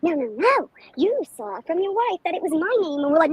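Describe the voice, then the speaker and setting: A woman with a very high, very animated voice rants angrily and profanely on a livestream at a fairly quick pace. Heated and confrontational, she comes through on poor audio with no room sound.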